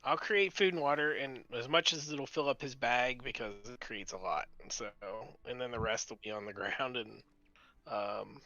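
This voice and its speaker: A man's voice: mid-range voice, moderate pace, bright, forceful tone, no echo. A man playing in a streamed tabletop game, explaining his spells matter-of-factly with the odd chuckle. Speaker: player. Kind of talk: casual tabletop play on stream. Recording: muffled lo-fi mic with faint music.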